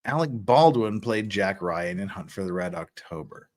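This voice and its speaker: Lively, chuckling male livestream host. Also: low voice, moderate pace. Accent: American. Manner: lively, rambling, chuckles often, restarts words. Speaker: livestream host reading chat. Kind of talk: casual livestream chat.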